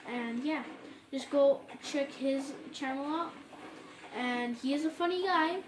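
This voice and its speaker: A woman hosting her own gaming channel, giving casual gameplay commentary full of excited exclamations. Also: high voice, takes it slowly. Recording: roomy echo with steady background noise.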